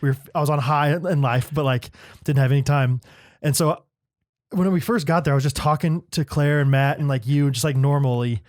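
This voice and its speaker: Laughing, animated young man, dry mic. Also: a little high, brisk, no room sound. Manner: animated storyteller, laughs often. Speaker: podcast co-host. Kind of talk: casual chat.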